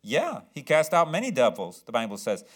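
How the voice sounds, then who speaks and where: A man's voice: medium pitch, huge pitch swings, normal speed. A man preaching a sermon as pastor, emphatic, repeating words and asking the congregation questions.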